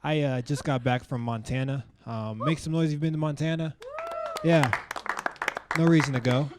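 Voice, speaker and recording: A man's voice: mid-range voice, steady tone, normal speed, a loud crowd, very noisy. A male stand-up comedian talking to a live audience on stage in a conversational style, full of asides like "you know" and "like".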